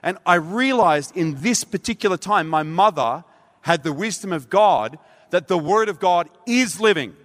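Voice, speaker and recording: A man preaching a sermon, telling a story with animated delivery and acting out voices. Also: sits high, normal speed. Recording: reverberant hall.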